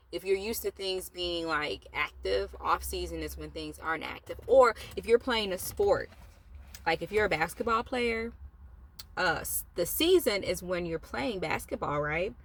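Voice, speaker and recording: A woman's voice: lowish voice, moderate pace. A woman giving a casual motivational talk from a parked car, chatty and rambling with asides. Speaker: motivational vlogger.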